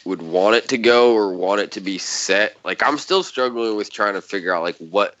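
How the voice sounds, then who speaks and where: Rambling, profane low-voiced man. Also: moderate pace, a bit bright. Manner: profane, rambling, sarcastic storytelling. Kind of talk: casual chat. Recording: dull lo-fi sound.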